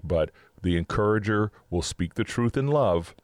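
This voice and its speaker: Chatty deep-voiced man, dry close sound. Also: normal speed, dry recording. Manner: chatty, upbeat, laughs often, breaks into excited cheering. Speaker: podcast host. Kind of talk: casual Christian teaching talk.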